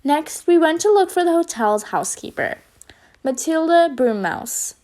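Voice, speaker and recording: Female storyteller for kids, high-pitched, expressive delivery. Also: normal speed. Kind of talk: children's story reading.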